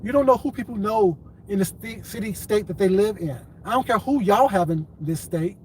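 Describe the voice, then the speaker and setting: A high-voiced man rants straight to his viewers, swearing freely and hammering the same point over and over. A faint hiss of background noise sits under the voice. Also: expressive, moderate pace, rough recording. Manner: profane, repetitive, confrontational. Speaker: commentary vlogger. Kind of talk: ranting commentary vlog.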